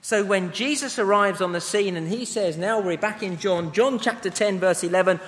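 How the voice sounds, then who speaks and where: High-voiced male preacher in a reverberant hall. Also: normal speed, hardly any pauses, fairly bright tone. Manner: reads scripture aloud between plain conversational asides. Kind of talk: sermon. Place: church.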